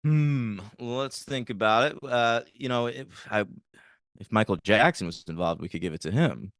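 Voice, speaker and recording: A man co-hosting a podcast in casual chat, relaxed and fond of telling anecdotes. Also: mid-range voice, moderate pace, dry recording, clean studio sound. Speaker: podcast co-host.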